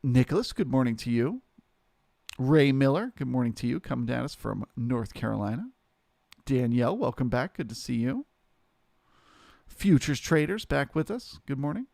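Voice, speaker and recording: Male trading-stream host, gravelly mid-pitched voice, dry close sound, easygoing live commentary. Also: normal speed, no room sound. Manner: relaxed, chatty, greets viewers by name.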